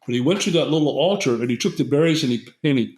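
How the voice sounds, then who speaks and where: A man's voice: fairly high pitch, lively intonation, fast talker, darkish tone, a little hiss or hum. An older man, a guest, telling a long story with many fillers and restarts. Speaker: guest herbalist. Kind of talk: storytelling in conversation. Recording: roomy echo.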